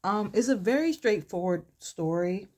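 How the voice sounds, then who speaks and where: A woman vlogger reading her own short story aloud in a relaxed way while doing her makeup, chuckling and stopping to comment on it. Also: mid-range voice, normal speed. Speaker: vlogger and author.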